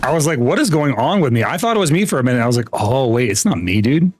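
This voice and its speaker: Gaming on a livestream, an American man rambles from story to story, swearing freely and stumbling into restarted sentences. His animated voice keeps leaping into a high register, and he speaks fast over slight background noise.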